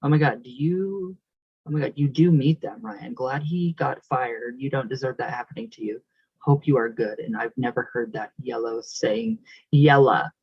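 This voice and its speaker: A man's voice: medium pitch, normal speed, breathy edge, no echo, highs cut off. A young man hosting his channel, reading out viewer comments in a casual, affectionate, emotional way with frequent laughs.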